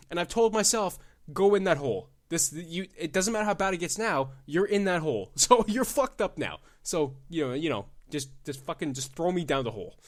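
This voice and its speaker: A young man hosting a solo podcast, excitable and profane, swinging between loud outbursts and low muttering and laughing at his own jokes. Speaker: podcast host. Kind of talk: casual solo podcast rant.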